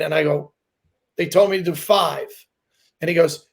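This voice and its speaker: Animated high-voiced male comic storyteller. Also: normal speed, vocal fry. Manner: rambling, animated anecdotes with laughter. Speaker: comedian telling stories. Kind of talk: casual storytelling chat.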